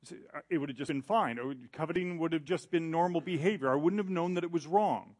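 Man, pastor, sermon, middle-aged, animated delivery, slightly high pitch. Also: fast. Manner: animated, acts out quoted voices.

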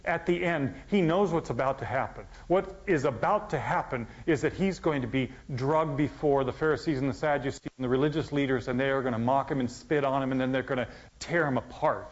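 Preaching man, loud to whispered. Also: mid-range voice. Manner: dramatic swings from loud emphasis to near-whisper. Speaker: pastor. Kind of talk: sermon. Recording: dull, lo-fi sound.

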